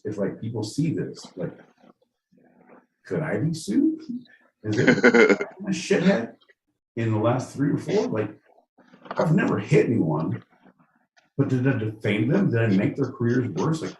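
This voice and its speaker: A man's voice: medium pitch, a little mellow. A man co-hosting a podcast in casual comedic chat, rambling, profane and jokey. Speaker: podcast co-host. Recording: roomy, distant mic with faint noise.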